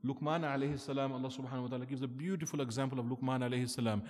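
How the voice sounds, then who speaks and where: Preaching an earnest, emphatic sermon, a man lectures and asks rhetorical questions at a very fast pace. His mid-range voice has a darkish tone and fairly even intonation, and the recording carries long hall reverb.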